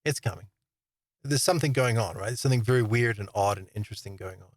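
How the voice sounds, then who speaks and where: A man's voice: fairly low pitch, fast, dry recording. A man hosting his own channel, talking casually and rambling through a monologue with many fillers, restarts and chuckles. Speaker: online Bible teacher and channel host.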